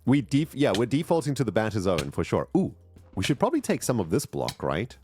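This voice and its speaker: Animated, excitable male game streamer. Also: medium pitch, fairly quick, soft background music. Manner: chatty, excitable, greets viewers. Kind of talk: casual live gameplay chat.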